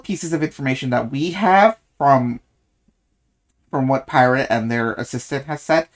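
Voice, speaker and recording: Casting: podcast co-host who keeps restarting sentences, mid-pitched, casual book chat. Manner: halting, many restarts and self-corrections.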